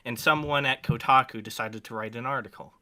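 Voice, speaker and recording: A man co-hosting a commentary podcast, speaking in a strikingly bright, sharp voice at an ordinary middle pitch. He talks bluntly and crudely, stumbling through fillers and restarts as he makes his points. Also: fairly even intonation, fairly quick. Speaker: podcast co-host. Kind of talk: casual commentary chat.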